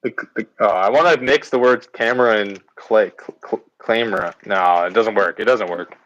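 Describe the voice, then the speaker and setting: A man's voice: fairly low pitch, normal speed, a bit bright, highs cut off. A man chatting casually on his pottery stream, joking and laughing often as he rambles along. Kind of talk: casual chat while doing pottery. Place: home pottery space.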